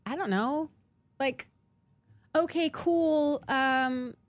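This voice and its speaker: A woman's voice: high voice, extremely slow, dry recording. A woman in her forties, a podcast guest chatting casually and candidly, swearing freely and laughing often. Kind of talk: casual chat.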